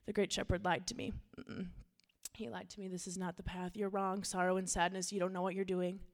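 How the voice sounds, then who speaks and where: A woman's voice: mid-range voice, level tone, a little fast, big-room sound, close to an everyday voice. A woman doing a scared young pilgrim woman who refuses the path ahead. She protests and pleads with an everyday voice in a retold storybook. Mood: upset.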